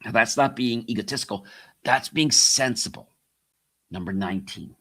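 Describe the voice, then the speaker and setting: Motivational host, middle-aged man, forceful bright voice, calls the audience "guys.". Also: mid-range voice, moderate pace. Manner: repeats key phrases, asks rhetorical questions; addresses listeners as guys. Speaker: podcast host and coach. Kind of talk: motivational monologue.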